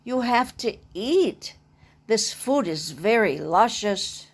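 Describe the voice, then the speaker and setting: A woman voicing an earnest young boy who is eager and pleading as he cares for a stray dog, read aloud slowly from a storybook. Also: mid-range voice, animated, slightly rough, heavily acted.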